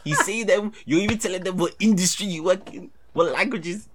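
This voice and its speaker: A young man, co-hosting a podcast with animated, slangy storytelling over a video call. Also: sits high, brisk, hardly any pauses, a little hiss or hum. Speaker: podcast co-host. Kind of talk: casual chat.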